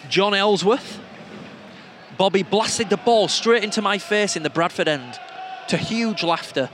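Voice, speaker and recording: Male podcast co-host, slightly high voice, wry and chatty, recorded at an outdoor stadium with faint background noise. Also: a little slow, a bit bright. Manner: reads out listener messages, chatty and wry. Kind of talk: casual football podcast chat from the stands. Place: football stadium stands, outdoors.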